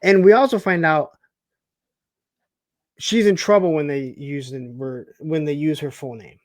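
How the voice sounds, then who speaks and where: A man from the Detroit suburbs co-hosting a casual TV recap, telling the story in an animated way and acting out the characters' lines. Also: a little high, measured pace, no echo. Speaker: podcast co-host.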